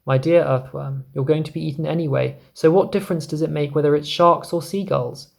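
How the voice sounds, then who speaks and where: A man's voice: fairly high pitch, steady tone, a little fast, vocal fry, a little mellow. A man doing a jeering rude centipede. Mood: scornful. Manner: jeering, scornful. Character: mocking, rude male centipede.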